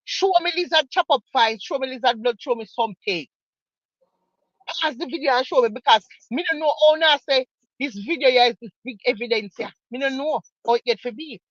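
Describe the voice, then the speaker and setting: A woman's voice: sits high, brisk, no room sound, muffled recording. A woman with a Jamaican accent giving casual commentary, emphatic and mocking, repeating her points for effect. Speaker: online commentator.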